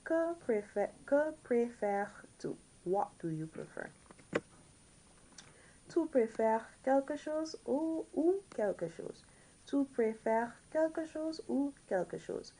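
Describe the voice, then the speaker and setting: A woman from the Caribbean teaching a recorded French lesson, repeating each word slowly and now and then correcting herself. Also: a little high, big pitch swings, mellow, slight background noise, rough recording. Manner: slow, repeats each word several times.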